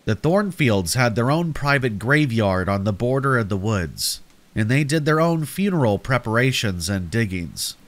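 A man narrating a scripted horror story in a slow, dramatic storytelling manner. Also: mid-range voice, very animated.

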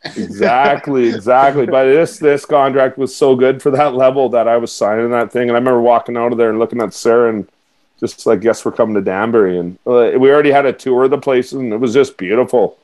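A man's voice: medium pitch, steady tone, a little fast, a little mellow. A man, a former hockey player, telling a story in a casual interview, laughing as he goes and acting out what people said. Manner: laughs through anecdotes, acts out quotes.

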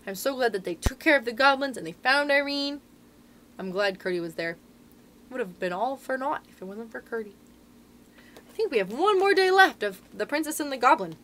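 A woman reads a children's chapter book aloud in a bright, high, lively voice that swoops up and down. Her delivery is expressive and sing-song, and a faint hum of room sound sits behind her. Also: a little fast. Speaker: librarian reading aloud. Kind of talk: children's storybook read-aloud.

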